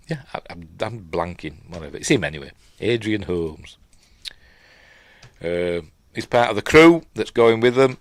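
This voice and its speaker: A man's voice: on the low side, lively intonation, slow, pauses often. A middle-aged man with a Yorkshire accent hosts a casual film breakdown. He rambles, trails off and restarts while chatting with viewers. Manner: chats with live viewers while watching. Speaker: host.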